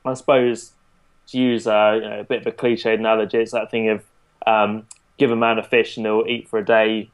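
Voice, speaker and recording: A man working as a fitness coach, explaining his approach in a relaxed podcast chat with frequent fillers. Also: fairly low pitch, fairly quick.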